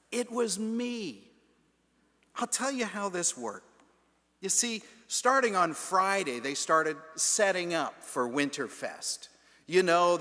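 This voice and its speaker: A man preaching a sermon as the pastor, telling a story in a deliberate, emphatic way in a large stone church. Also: high voice, sharp tone. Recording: long church reverb.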